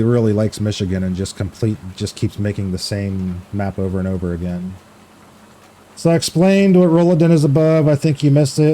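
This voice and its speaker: A man's voice: mid-range voice, dark tone. A man streaming a farming game, chatting casually, reading chat aloud, swearing freely and laughing easily.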